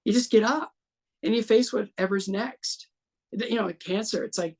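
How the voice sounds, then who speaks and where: A man's voice: high-pitched, unhurried, a little mellow, slightly rough. A man in his sixties, a guest in an interview, telling a long story and acting out the other voices in it. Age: 60s.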